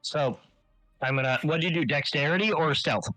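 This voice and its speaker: A man's voice: fairly high pitch, normal speed, no room sound, soft background music, poor audio. A man running a tabletop game, narrating casually with many fillers. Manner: relaxed, filler-heavy, improvising. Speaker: game master.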